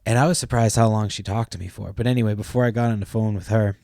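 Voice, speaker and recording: A fast-talking young podcast host has a low, gravelly, darkish voice with a steady tone. He tells a long, loose story full of swearing, trailing off with "like" and "blah, blah." The studio-quality audio has no echo.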